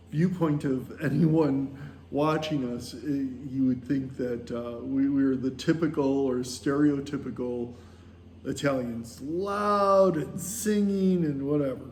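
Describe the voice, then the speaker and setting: A man in his sixties with a voice pitched a little above most men's, chatting straight to his viewers. He wanders through his story with plenty of ums and uhs and chuckles along the way. A faint hum of surroundings sits under the voice. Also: darkish tone, echoey room. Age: 60s. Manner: rambling, with frequent fillers and chuckles. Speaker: vlogger on a pilgrimage. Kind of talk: casual storytelling monologue.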